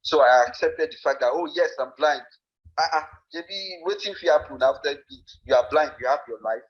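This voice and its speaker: A man's voice: a little high, normal speed, muffled recording. A man with a Nigerian accent, a podcast guest telling a personal story in an earnest, reflective way, with many fillers and restarts. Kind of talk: personal story told in conversation.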